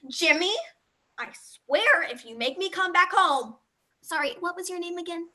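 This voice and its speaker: Improv: a woman doing a distracted, scolding mom, high bright voice. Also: fairly quick. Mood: frazzled. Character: frazzled single mom guest, always on the phone. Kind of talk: improv comedy.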